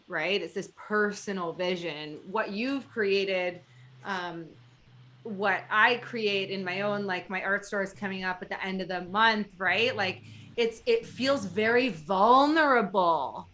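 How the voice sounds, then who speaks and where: A woman's voice: medium pitch, measured pace, sharp tone. A woman hosting a podcast, chatting casually and acting out her own quoted reactions, with the odd casual swear. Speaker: podcast host.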